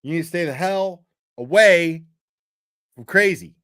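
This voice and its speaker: A man's voice: a little high, unhurried, fairly bright tone, no room sound, clean studio sound. A man hosting a commentary show, delivering a crude, profane rant with emphatic repetition. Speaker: commentary host.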